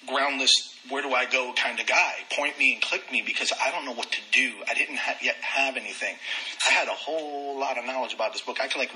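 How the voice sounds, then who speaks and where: Man with a sharp bright voice. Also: mid-range voice, a little hiss or hum, low-quality recording. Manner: candid, animated storytelling with self-deprecating humor. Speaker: speaker sharing his recovery story. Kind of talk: personal testimony talk.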